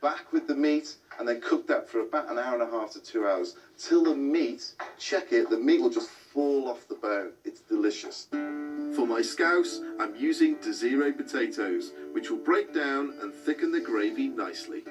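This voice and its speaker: A man's voice: mid-range voice, expressive, normal speed. Chatty scouse man demonstrating a recipe. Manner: chatty, explaining as he cooks. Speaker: cooking show host. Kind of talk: cooking demonstration. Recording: distant mic with background music.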